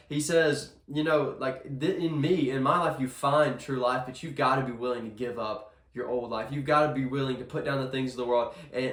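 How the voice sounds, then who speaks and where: A man giving a casual devotional sermon in a chapel, earnest and conversational, often restarting his sentences. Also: medium pitch. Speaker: devotional speaker. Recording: echoey room.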